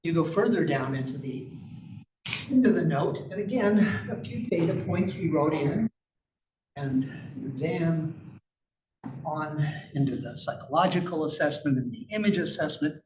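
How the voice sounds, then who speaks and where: A man presents his research at a conference in a fairly high voice. He talks in a plain, conversational way but leans hard on key points and asks rhetorical questions. He was recorded from a distance in an echoey room, and the sound is muffled with a faint hiss underneath. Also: animated, measured pace.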